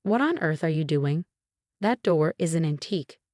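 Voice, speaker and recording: Woman reading a condescending older mother-in-law: low, dry, icy, dismissive. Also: animated, normal speed, darkish tone, dry recording. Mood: cold.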